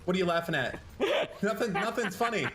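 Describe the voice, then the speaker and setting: A man's voice: high voice, expressive, brisk, very noisy. A man in casual stream banter, telling a rambling dream story with lots of swearing.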